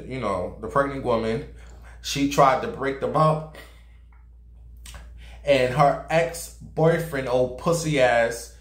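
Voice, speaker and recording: A man giving sassy, profane gossip commentary and dramatic storytelling as a vlogger. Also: medium pitch. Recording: roomy echo.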